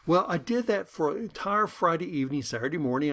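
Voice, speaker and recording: A man's voice: on the high side, a little fast, few pauses. A man lecturing on conflict management, telling personal stories and acting out the dialogue in them. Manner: animated storytelling that acts out dialogue.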